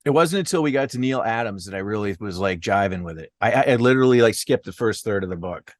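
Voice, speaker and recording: A man's voice: fairly low pitch, expressive, quick pace, dry recording. A man co-hosting a casual chat about comics, talking in a chatty conversational way. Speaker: co-host.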